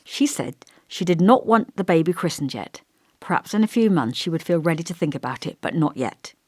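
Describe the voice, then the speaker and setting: A woman narrating a novel as an audiobook in a measured, expressive reading. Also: fairly low pitch, dry recording, studio quality.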